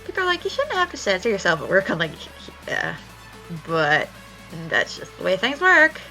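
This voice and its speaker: Chatty swearing woman, lively gravelly voice. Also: medium pitch, moderate pace, faint music behind, rough recording. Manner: chatty, swears freely, animated storytelling. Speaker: art streamer. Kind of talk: casual chat while drawing.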